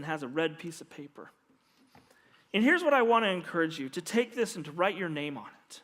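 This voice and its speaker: High-voiced pastor preaching in a reverberant hall. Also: male voice. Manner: animated storyteller acting out dialogue. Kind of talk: sermon with storytelling. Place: church sanctuary. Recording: long hall reverb with faint music.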